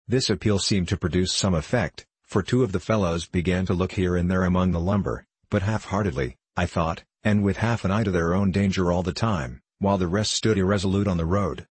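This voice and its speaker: Man, audiobook narrator, low voice, husky, dry close sound. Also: a little fast, few pauses, dry recording. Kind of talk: storybook reading.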